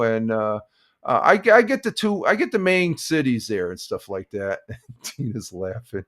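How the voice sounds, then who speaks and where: A man's voice: medium pitch, clear, resonant tone. An older man chatting on his morning live stream in an easygoing, rambling way. He stops and restarts sentences often and chuckles between thoughts, with a mid-range voice. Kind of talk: casual morning chat stream.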